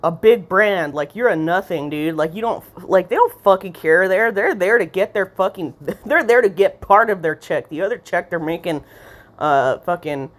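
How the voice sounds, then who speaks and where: A woman's voice: on the low side, animated, moderate pace. A young woman ranting casually about a pharmacy visit, swearing constantly and rambling, with sarcastic asides and mocking impressions.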